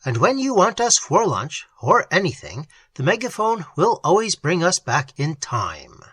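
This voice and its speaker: A composed male doctor, quiet and decisive, every word measured, as a narrator puts him on. The tone stays bright and slightly breathy in a dry, close recording. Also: medium pitch, very animated, no room sound, exaggerated voice. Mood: calm. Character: calm, authoritative male doctor of the occult.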